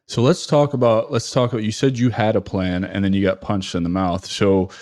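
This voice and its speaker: Low-voiced man, dry close sound. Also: level tone, a little fast, darkish tone, dry recording. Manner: emphatic, repeats words while thinking. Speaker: podcast host. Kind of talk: conversational interview.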